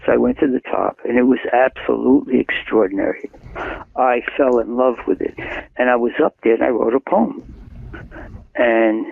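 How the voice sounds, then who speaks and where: An older man from Queens, New York, a poet and author, tells anecdotes as an interview guest, chuckling as he goes and acting out quoted voices. His voice is medium-pitched with fairly even intonation, normal speed, and a creaky, breathy edge. The recording is dry and sounds like a phone line.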